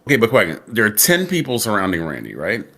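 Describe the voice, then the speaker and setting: A man's voice: fairly low pitch, huge pitch swings, fast talker, sharp tone. A man co-hosting a casual wrestling chat, chiming in with short remarks. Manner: brief interjections.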